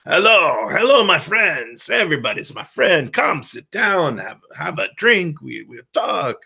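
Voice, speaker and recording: A man's voice: a little high, big pitch swings, a little slow, creaky, pushed and bright, breathy edge, pitched above the performer's own voice, full character voice. A man voicing a flamboyant, shady, roguish male merchant with a wandering mock Mediterranean accent, gushing and over-the-top friendly. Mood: effusive welcome. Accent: shifting mock Mediterranean, Italian, French. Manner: effusive, welcoming, hamming it up.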